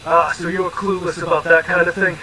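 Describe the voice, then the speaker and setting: A man's voice: sits high, level tone, brisk, noisy background, close to an everyday voice. A synthetic male voice reading a scoffing, irritable male robot fighter in a role-play chat. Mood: teasing. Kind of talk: text-to-speech role-play narration.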